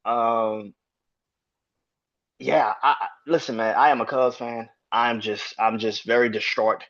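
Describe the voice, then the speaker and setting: A man's voice: mid-range voice, steady tone, measured pace, a bit bright, dull audio. A man hosting a casual sports podcast, ranting in an exasperated, profane and repetitive way. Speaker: podcast host.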